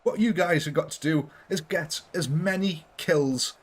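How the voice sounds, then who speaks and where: A man's voice: a little high, a little slow. A British man giving live gameplay commentary, chatting with his viewers in a jokey, self-mocking way. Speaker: streamer.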